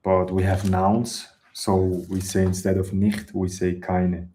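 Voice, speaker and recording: Slow, deep-voiced teacher. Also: male voice, monotone, warm tone, a little hiss or hum. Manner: slow, patient explaining with example sentences. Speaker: German teacher. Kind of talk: language lesson.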